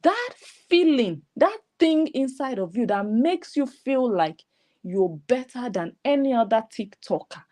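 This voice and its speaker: A woman's voice: a little high, sing-song, a little slow, dark tone. A woman, giving mocking, scolding reaction commentary on clips she plays. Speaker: online commentator.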